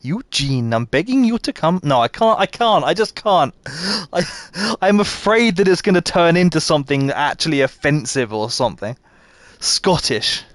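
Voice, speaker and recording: British gaming streamer, light and self-deprecating, a little high-pitched, dry and close-miked. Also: male voice, expressive, dry recording. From Britain. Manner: self-deprecating, quick asides to chat, laughs often. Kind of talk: casual live gameplay commentary.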